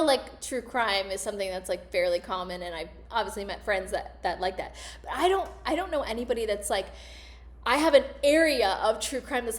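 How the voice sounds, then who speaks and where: High-voiced, animated woman host. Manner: animated, rambling, laughs often. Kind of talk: casual comedic storytelling.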